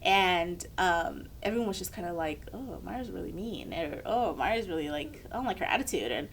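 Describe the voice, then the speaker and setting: Animated young woman telling her story. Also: fairly low pitch, moderate pace, a little hiss or hum. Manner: animated storyteller acting out quoted voices. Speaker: podcast co-host. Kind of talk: candid personal story in a podcast chat.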